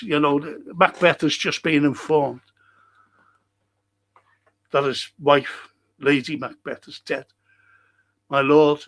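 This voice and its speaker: Slow, gravelly-voiced man holding forth. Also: on the high side, a bit bright. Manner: slow, emphatic delivery with dramatic pauses and sudden swells. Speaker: radio show host. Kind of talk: impassioned monologue, reciting and explaining verse.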